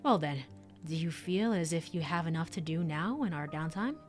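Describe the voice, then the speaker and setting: A woman voicing a gentle, polite male tea shop keeper from a game, speaking formally and soothingly. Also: deep voice, lively intonation, normal speed, soft background music. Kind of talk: reading game dialogue aloud.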